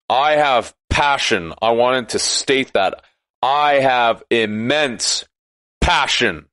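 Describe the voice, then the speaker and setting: Ranting man, slow and deliberate, sarcastic edge, dry close sound. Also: medium pitch, dry recording. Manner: ranting, sarcastic, rises to shouting. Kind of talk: impassioned monologue.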